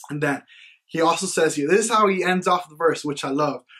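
Young male youth-podcast co-host, slightly high and husky, earnest and rambling, casual faith talk. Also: brisk, bright, forceful tone. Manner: earnest, rambling, heavy on "like" and "you know what".

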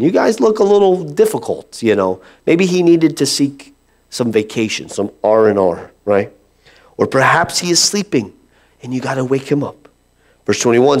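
A male pastor preaching an animated, conversational sermon, slipping into playful mock voices. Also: medium pitch, vocal fry.

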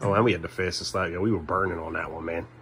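A man in his thirties filming a casual home vlog as a father, coaxing his young kids upbeat, then dropping to low tired asides for the camera. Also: steady tone, very fast, fairly bright tone, a little hiss or hum. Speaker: father and vlogger. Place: family home indoors.

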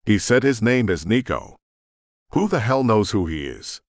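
A man's voice: fairly low pitch, sing-song, normal speed, creaky, no echo, studio quality. A man voicing a headstrong young woman who is a tigress shifter, talking defiantly and with scorn. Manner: defiant, scoffing.

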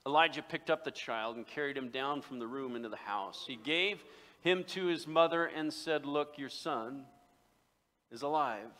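A man's voice: fairly high pitch, moderate pace, sharp tone. A man preaching a sermon as pastor, telling the story conversationally with humor and rhetorical questions. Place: church sanctuary. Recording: long reverb in a church.

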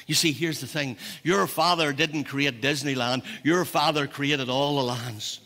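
A man's voice: mid-range voice, unhurried, hardly any pauses, sharp tone. A man with a Northern Irish accent preaching a sermon as pastor, passionate and building to emphatic declarations. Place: church hall. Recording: long church reverb.

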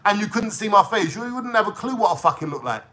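A young London man with a London accent holds forth in an angry, swear-filled rant to his channel's viewers. His voice sits high for a man and comes out sharp and tense. He talks in street slang and keeps pressing his point. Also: very animated, fast talker. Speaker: YouTuber ranting to viewers. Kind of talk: heated monologue.

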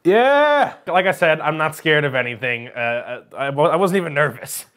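A man's voice: on the high side, a little fast, sharp tone. A man reacting to a horror game as he plays it. He is sarcastic, laughs often, and swears. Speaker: video game player. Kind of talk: casual let's-play reaction.

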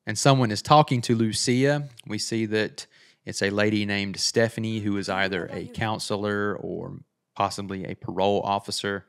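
Middle-aged male gaming host, deeper voice with a smooth, clean tone, chatty trailer breakdown. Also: steady tone, moderate pace. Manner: chatty, thinking aloud with frequent "uh"s. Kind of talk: casual game trailer breakdown.

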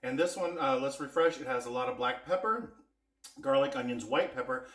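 A man's voice: mid-range voice, expressive, a little fast, fairly bright tone, reverberant. A man hosting a casual cooking vlog, chatting with viewers and tasting spice blends with eager enthusiasm. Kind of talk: casual taste-test vlog.

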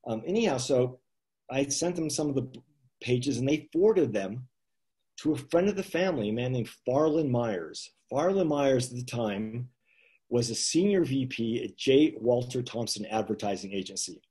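Author guy telling stories, lots of "you know", chuckling, medium pitch. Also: moderate pace. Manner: animated anecdotes with many "you know" asides and chuckles. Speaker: author guest. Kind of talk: casual storytelling on a live video chat.

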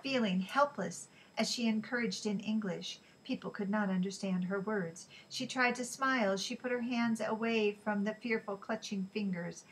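A woman's voice: medium pitch, normal speed, hardly any pauses, slight background noise, poor audio. Woman narrating an audiobook. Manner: steady, even storytelling. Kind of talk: scripted narration.

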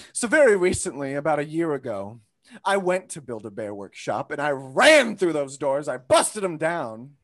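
Young stand-up comic, gravelly voice, slow deliberate delivery, swings loud and grand. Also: male voice, on the high side, big pitch swings. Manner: theatrical, mock-grandiose, bursts into shouting. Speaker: stand-up comedian. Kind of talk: stand-up comedy set.

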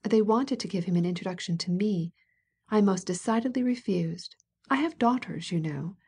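A woman's voice: medium pitch, moderate pace, darkish tone, breathy edge. A woman reader voicing a gossiping society lady who talks in scandalized, sarcastic exclamations. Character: gossiping indignant society lady, middle-aged.

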